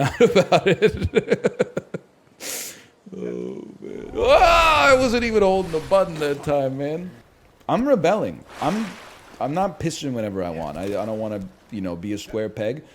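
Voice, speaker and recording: A male game streamer telling a long story in loose, rambling chat. He talks with wry, profane energy and jumps into little acted-out quotes, at a middling pitch for a man. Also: darkish tone. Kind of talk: casual rambling storytelling while gaming.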